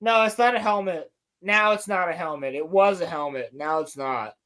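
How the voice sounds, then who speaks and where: A woman's voice: lowish voice, normal speed, fairly bright tone. A woman co-hosting a podcast, animatedly and profanely retelling a TV episode in casual chat. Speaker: podcast co-host.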